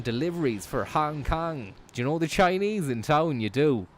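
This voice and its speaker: A man rambling through live stream commentary in a voice of ordinary pitch, swearing freely and sliding into mock-announcer riffs. A faint hum of noise sits behind him. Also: lively intonation, normal speed, few pauses.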